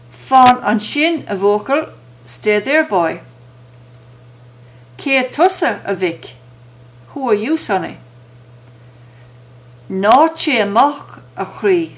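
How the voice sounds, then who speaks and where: A woman teaching a language lesson, saying each phrase and then its translation with slow, careful pronunciation. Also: mid-range voice. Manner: slow, careful enunciation with pauses between phrases.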